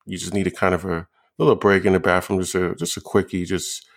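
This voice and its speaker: A young man co-hosting a podcast, talking casually in a halting, stop-start way full of fillers and repeated words, high on weed. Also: level tone. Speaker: podcast co-host. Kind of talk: casual chat.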